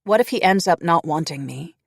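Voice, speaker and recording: Guy doing a scared but stubborn young woman, higher voice, shrill when mad, dry close mic. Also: expressive, fairly quick, creaky, dry recording. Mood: anxious. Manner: shrill when angry, anxious and questioning. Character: frightened, defiant young woman, quick to snap.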